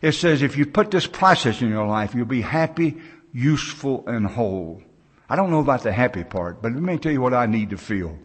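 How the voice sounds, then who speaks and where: Speaking briskly in a husky, mid-range voice full of expression, this older American man shares his personal recovery story at a large conference gathering. His folksy, plain-spoken style includes performing the voices of the characters he describes.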